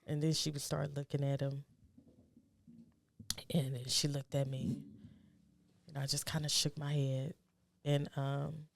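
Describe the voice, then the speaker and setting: A middle-aged woman speaking as a guest, telling a personal story in a soft, halting, reflective way and becoming urgent when she gives advice. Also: sits low, little pitch movement, gravelly, no room sound.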